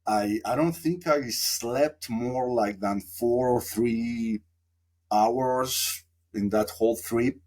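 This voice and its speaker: A man's voice: mid-range voice, slow pace, a little mellow. Man telling a story, many fillers. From Mexico. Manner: reflective, rambling with many fillers. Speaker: podcast guest. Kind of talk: casual storytelling interview.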